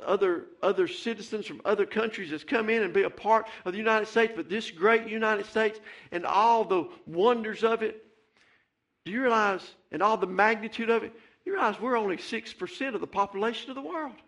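A man's voice: sits high, a little fast, a bit bright. A man preaching a fervent sermon in church, repeating phrases and calling out "Amen.". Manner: fervent, repetitive, calls out "Amen" and "Hey".

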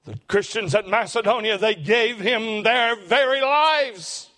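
An older man, preaching a sermon and telling a heartfelt story, slowing down for emphasis. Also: sits high, sharp tone. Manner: emotional, slows for emphasis.

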